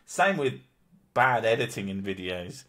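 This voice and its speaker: A man's voice: on the low side, sing-song, a little slow, crowd noise. A man who streams, reading an article aloud in casual chat, swearing and mocking it with frequent laughs.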